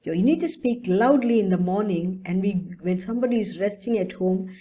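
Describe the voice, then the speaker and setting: Mellow-voiced woman teaching children. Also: mid-range voice, lively intonation, brisk. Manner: patient and explanatory, often checks in with "okay?" and "right?". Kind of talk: online English lesson for young children.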